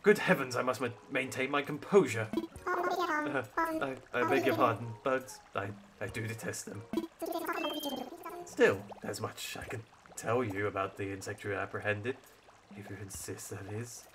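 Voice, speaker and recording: A man's voice: sing-song, unhurried, background noise. A man voicing a fussy, scholarly male owl museum curator who is squeamish about bugs, reading game dialogue in a pompous, sophisticated tone. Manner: pompous, sophisticated tone with flowery wording and sudden squeaky jumps. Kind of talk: reading game dialogue aloud in character on a stream. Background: loud game music.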